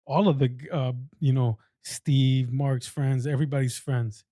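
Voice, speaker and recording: Soft-spoken male interview host. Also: mid-range voice, fairly even intonation, measured pace, dry recording, studio quality.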